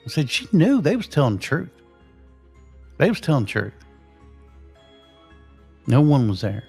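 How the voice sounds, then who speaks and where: A man's voice: a little high, very animated, moderate pace, gravelly, pauses often, darkish tone, slightly rough, soft background music. A man, the show's host, casually telling a ghost story in a rambling way with lots of fillers. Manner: rambling, full of "you know" fillers.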